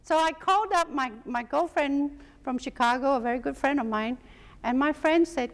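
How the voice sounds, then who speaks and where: A middle-aged woman teaching a class as a hypnotherapy instructor, telling lively stories and laughing often. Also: high voice, moderate pace. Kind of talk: storytelling lecture to a class. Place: teaching room with an audience. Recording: long hall reverb.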